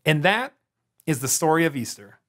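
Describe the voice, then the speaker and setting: A man narrating a scripted children's Bible story in an expressive way, with dramatic pauses. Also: on the high side. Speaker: storyteller on a kids' show.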